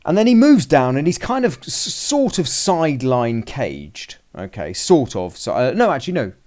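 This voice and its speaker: A man telling the story of a tabletop match in casual podcast chat, his voice sitting at an ordinary middle pitch. He rambles and restarts often, acting out what he and his opponent said along the way. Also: sing-song, moderate pace, a little mellow. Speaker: podcast host recounting a game. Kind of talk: casual chat, play-by-play recap.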